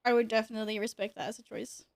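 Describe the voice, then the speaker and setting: High-voiced playful woman streamer. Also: little pitch movement, very fast, vocal fry, no room sound. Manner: playful and teasing, laughs often; chatty, greets viewers and jokes with them. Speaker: live streamer. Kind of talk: casual live-stream chat while gaming.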